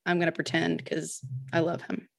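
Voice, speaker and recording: A woman co-hosting a casual podcast, trading teasing, quick banter. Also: sits low, little pitch movement, gravelly, no echo, clean studio sound. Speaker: podcast co-host. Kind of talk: casual chat.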